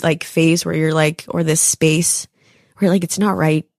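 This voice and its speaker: Low gravelly young woman, chatty. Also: little pitch movement, measured pace, no room sound, clean studio sound. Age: young adult. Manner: chatty, emotional, many fillers. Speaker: podcast guest. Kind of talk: casual chat.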